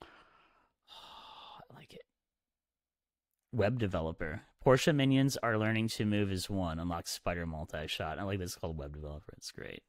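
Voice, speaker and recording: A man's voice: low voice, fairly quick, few pauses, dry recording, studio quality. A young man hosting a live game stream, chatting casually and upbeat with lots of fillers as he plays. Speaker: streamer host. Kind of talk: casual live-stream chat while playing.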